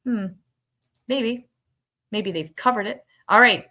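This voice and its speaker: A woman with a bright, forward voice hosts a relaxed live trivia stream. She talks casually with her viewers, reads the answer options slowly and laughs often. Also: fairly high pitch.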